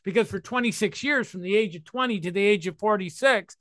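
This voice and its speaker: A man in his sixties with a high, bright, forceful voice, recorded dry and close. He speaks about recovery in a playful, emphatic, animated way. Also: brisk, dry recording. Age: 60s. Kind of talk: talk to listeners on recovery.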